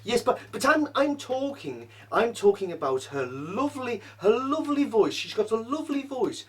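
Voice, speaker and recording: A man's voice: extremely high pitch, very animated, normal speed, voice pushed up. A man voicing his fussy older mother, who gushes and repeats herself, recorded on a distant mic. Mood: insistent. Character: fussy older mother, doting then upset.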